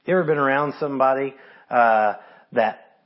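A man's voice: medium pitch, moderate pace, muffled recording. A man preaching a sermon, reading scripture aloud and commenting on it in an earnest, conversational way. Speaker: pastor.

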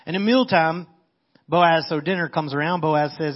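Pastor guy reading scripture and chatting it out casually, kinda high voice, muffled audio. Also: moderate pace. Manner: conversational, paraphrases verses in casual modern speech. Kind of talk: sermon reading scripture with commentary.

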